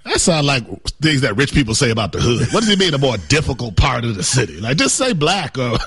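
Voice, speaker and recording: Husky, sarcastic male co-host. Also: medium pitch, quick pace. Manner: animated, sarcastic, mocking. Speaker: radio co-host. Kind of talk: casual sports radio banter.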